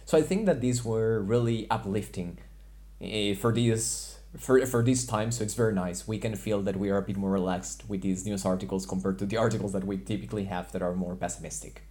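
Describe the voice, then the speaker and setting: Male radio co-host, relaxed and upbeat banter, slightly low pitch. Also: brisk. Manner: upbeat, relaxed, laughs easily.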